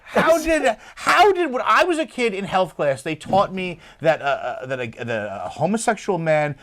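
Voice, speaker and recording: A man's voice: high voice, moderate pace. A man hosting a podcast in casual chat, telling stories and swearing. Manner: animated storyteller, profane. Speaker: podcast host.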